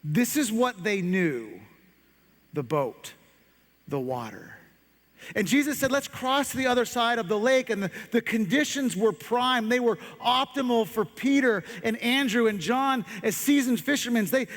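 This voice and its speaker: A man preaching a sermon as pastor, telling a story dramatically, slowing down and dropping his voice for effect. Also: high-pitched, a bit bright. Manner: dramatic, slows and drops voice for effect. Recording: long hall reverb.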